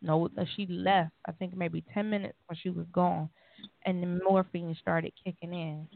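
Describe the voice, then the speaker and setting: A woman on a call-in talk show telling a personal story in an animated way, acting out the voices in it. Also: lowish voice, moderate pace, vocal fry, no echo. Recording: phone-line call.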